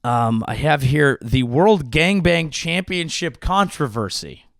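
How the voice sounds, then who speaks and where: A male comedian riffs through a sarcastic, meandering monologue, often stopping to restart his sentences. His voice sits a touch higher than most men's, and the sound is dry and close to the mic, with no room around it. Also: animated, slow, gravelly, no room sound. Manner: sarcastic, rambling, with frequent restarts. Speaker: comedian podcast host.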